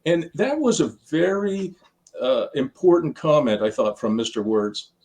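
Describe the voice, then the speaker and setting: A man's voice: fairly high pitch, big pitch swings, unhurried, darkish tone. An older man, a guest on an interview show, answering questions in a chatty, storytelling way and laughing between his points. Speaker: guest, sports team founder. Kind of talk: casual interview talk. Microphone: on camera, video interview.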